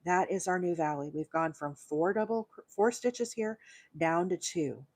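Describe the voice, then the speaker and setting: A woman's voice: fairly low pitch, normal speed. A woman from Alabama, patiently talking viewers through a crochet pattern step by step on a live stream. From Alabama, USA. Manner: patient step-by-step instruction, counting stitches aloud, frequent fillers. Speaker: crochet livestream host.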